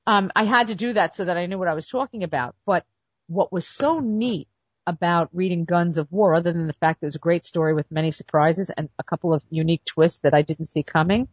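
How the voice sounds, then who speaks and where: A woman's voice: lowish voice, fairly quick, slightly rough, no echo. A woman hosting a podcast as a script editor, talking casually in a chatty, self-deprecating, folksy way. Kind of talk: casual monologue. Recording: dull dry lo-fi recording.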